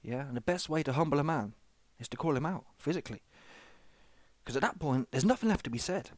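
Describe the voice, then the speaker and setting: A man's voice: fairly high pitch, animated, a little fast, no echo. A man hosting a comic reaction commentary, slangy and rambling, often asking "yeah?" and "see that one?". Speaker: comedy reaction host.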